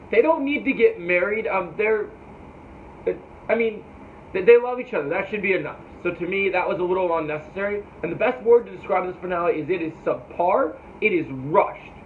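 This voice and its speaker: Casual male reviewer with a higher voice, loose and foul-mouthed, tinny phone-like sound. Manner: rambling and profane, sometimes mimics characters. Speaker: TV show reviewer. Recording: tinny phone-like audio with faint noise.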